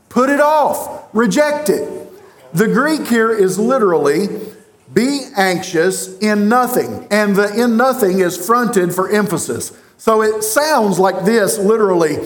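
A man's voice: high voice, lively intonation, measured pace. A man preaching a sermon as pastor, speaking earnestly and directly to his congregation in a church sanctuary.

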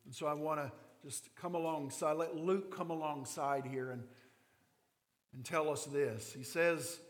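Kentucky-accented preacher in a reverberant hall. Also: male voice, a little high, measured pace. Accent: Kentucky mountain. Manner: animated storytelling, acts out quoted voices. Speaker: pastor. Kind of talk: sermon.

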